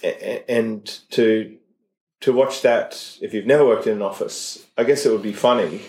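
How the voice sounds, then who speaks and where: A middle-aged Australian man chatting casually as a podcast co-host, telling animated stories. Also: lowish voice, normal speed. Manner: animated storyteller, acts out others mid-story. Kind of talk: casual chat. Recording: roomy echo.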